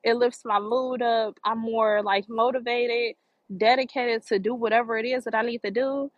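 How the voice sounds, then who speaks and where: A woman with a fairly high voice gives an earnest spiritual pep talk outdoors near the water. She repeats her key phrases for emphasis, and her voice comes across dry and close. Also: fairly even intonation, moderate pace, no echo, dull audio. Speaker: motivational vlogger.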